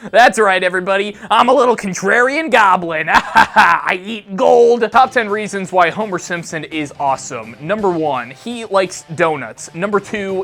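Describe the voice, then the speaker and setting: Rambling deadpan comedian. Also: medium pitch. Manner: rambling, absurd deadpan rants. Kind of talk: comedic monologue.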